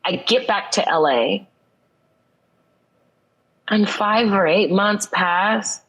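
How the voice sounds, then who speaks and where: A woman's voice: medium pitch, slow, fairly bright tone, low-quality recording. A woman in her thirties, a guest in an interview, telling a personal story in an earnest, reflective way, often repeating phrases for emphasis.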